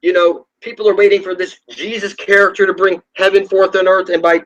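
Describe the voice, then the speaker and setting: Guy with a high voice ranting into the camera, swearing a lot, gets insistent and jumps up in pitch. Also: little pitch movement, fairly quick, a bit bright, dull audio. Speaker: channel host. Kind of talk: rambling monologue to camera.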